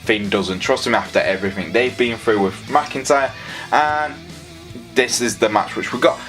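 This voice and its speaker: Guy rambling through a wrestling recap, sarcastic, mid-pitched, faint guitar under it. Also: moderate pace, a bit bright. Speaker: wrestling show reviewer. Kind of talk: casual review commentary.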